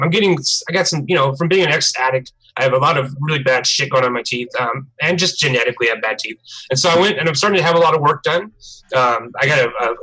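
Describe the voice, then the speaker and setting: A young man chatting casually on a live stream, telling a profane, animated story. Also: a little high, low-quality recording. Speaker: livestream co-host.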